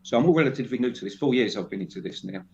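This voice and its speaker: Man, guest, halting speech with restarts, dull lo-fi sound, faint hiss. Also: mid-range voice, lively intonation, vocal fry, a little mellow. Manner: halting, many restarts and fillers. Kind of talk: casual group discussion.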